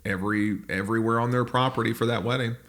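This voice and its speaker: A man's voice: mid-range voice, steady tone, quick pace, fairly bright tone. A young man co-hosting a podcast, chatting casually in a rambling, joking way. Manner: rambling, jokey, slips into mock voices. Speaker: podcast co-host. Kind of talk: casual chat.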